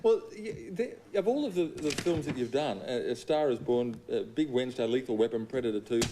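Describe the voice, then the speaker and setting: A man's voice: medium pitch, animated, a little fast, slight background noise. A man hosting a television talk show, asking his guest questions in a wry, teasing way.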